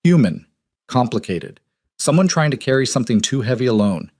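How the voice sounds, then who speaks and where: A man's voice: medium pitch, very animated, fairly quick, a little mellow, no echo, studio quality. A man voicing an innocent young woman. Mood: earnest.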